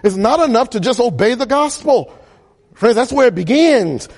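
A man preaching a sermon, building repeated phrases to loud emphatic peaks. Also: very high-pitched, animated, moderate pace. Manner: emphatic, repetitive cadence, rising to loud peaks.

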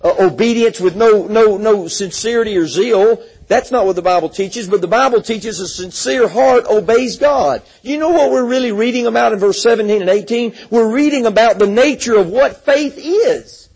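Male preacher, high husky voice, emphatic sermon delivery with scripture readings. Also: normal speed, hardly any pauses, a little mellow, poor audio. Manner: emphatic, repeats words, reads scripture aloud.

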